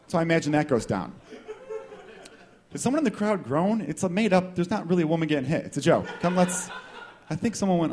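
A man doing a stand-up comedy set, riffing with profane, animated delivery in front of a small live crowd. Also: fairly high pitch, fairly quick.

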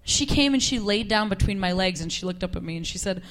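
A young woman doing a stand-up comedy set on a club stage, wry and deadpan with quick asides. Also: mid-range voice. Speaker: stand-up comic.

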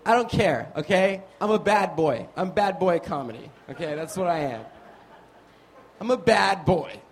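A man's voice: high-pitched, animated, normal speed. A man playing a cocky, self-styled bad-boy stand-up comic with a put-on New York accent. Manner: cocky, shouting, fake tough-guy act.

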